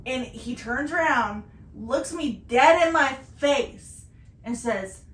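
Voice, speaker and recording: A woman from Southern Indiana co-hosting a podcast, telling a story in casual chat, animated and swearing freely. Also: sits high, slow, echoey room. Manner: animated, swears freely, shouts when retelling. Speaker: podcast co-host.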